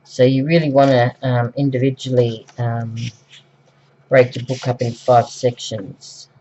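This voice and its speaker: A woman's voice: a bass voice, flat delivery, unhurried, mellow. A middle-aged Australian woman with the flu, chatting casually through a craft tutorial at home, rambling with lots of ums and self-corrections. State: recovering from flu. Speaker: craft vlogger. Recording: dull, lo-fi home recording.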